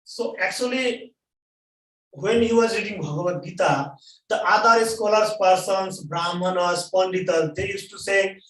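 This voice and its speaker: A man preaching a sermon at a temple, telling a story in halting English and repeating phrases for emphasis. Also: high-pitched, fairly bright tone. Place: temple hall. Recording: echoey hall, mic at a distance.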